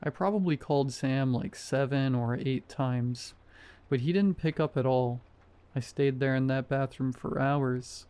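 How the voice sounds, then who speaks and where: Guy narrating a creepy story, calm and steady, dark mellow voice. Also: mid-range voice, measured pace, clean tone. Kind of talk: scripted narration.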